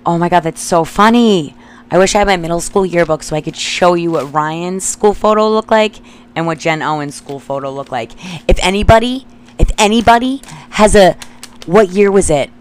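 A woman's voice: lowish voice, normal speed, clean tone. A woman in her thirties from Long Island, a podcast host reading old notes aloud and adding profane, giggly asides. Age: 30s.

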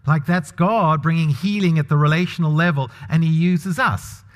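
A man gives a sermon in a relaxed, conversational manner and keeps asking the congregation questions. His voice sits a little higher than most men's. The sound carries a long reverb, as in a church hall. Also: moderate pace. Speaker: pastor.

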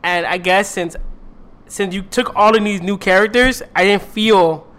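A man in casual movie chat, relaxed and thoughtful, full of fillers. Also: high-pitched, unhurried.

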